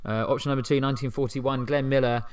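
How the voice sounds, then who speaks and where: A man hosting a comedy podcast, delivering absurd quiz facts deadpan and giggling between them. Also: mid-range voice, fast, clean tone, no room sound. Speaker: podcast host.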